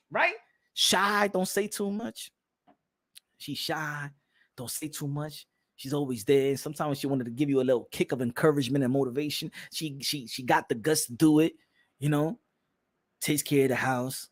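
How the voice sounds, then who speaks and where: A man's voice: on the high side, expressive, normal speed, dry recording. A man hosting a boxing talk show, ranting comedically with lots of profanity and laughter between lines. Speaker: boxing podcast host. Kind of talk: comedic rant.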